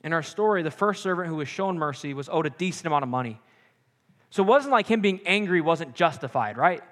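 A young man preaching a sermon with animated, joking asides. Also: a little high, a little fast. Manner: animated, jokey asides and acted-out quotes. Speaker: pastor. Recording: long hall reverb.

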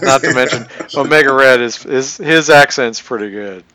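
A man co-hosting a casual chat, animated and joking as he tells a story. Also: medium pitch, normal speed, rough recording. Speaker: podcast co-host.

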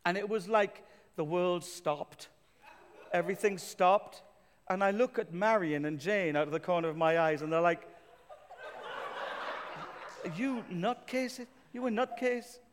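High-voiced pastor preaching in reverberant hall. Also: male voice, moderate pace, clear, resonant tone. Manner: self-deprecating, storytelling, builds to emphatic declarations. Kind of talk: sermon with personal story. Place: church.

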